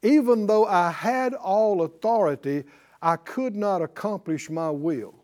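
A man's voice: high-pitched, measured pace. A man preaching a sermon, telling stories and acting out the dialogue, with call-and-response to the congregation. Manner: animated storytelling, acting out dialogue.

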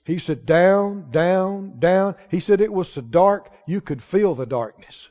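A male pastor preaching a sermon to a congregation, emphatic and rising to shouts on key lines. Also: high voice, expressive, takes it slowly. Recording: dull sound with long hall reverb.

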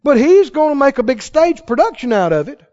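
High, lively-voiced preacher man. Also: fairly quick, dull audio. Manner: dramatic, animated preaching with shouted peaks and quoted scripture. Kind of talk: sermon.

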